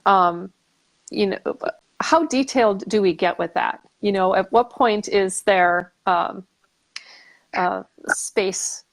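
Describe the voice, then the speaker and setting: A woman hosting a casual talk show, speaking reflectively and thinking aloud with many fillers and restarts. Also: mid-range voice. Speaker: podcast host. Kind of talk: casual conversation.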